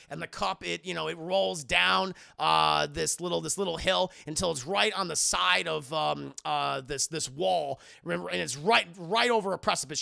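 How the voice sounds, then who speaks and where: A man's voice: high-pitched, vocal fry, sharp tone. A young man streaming a casual, jokey movie recap, talking animatedly and acting out scenes. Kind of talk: casual profane chat.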